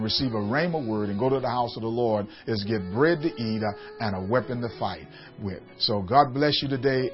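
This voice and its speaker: A man who serves as a bishop and pastor preaches a radio sermon in a mid-range voice, building toward emphatic, repeated questions aimed at his listeners. The recording has a lo-fi sound.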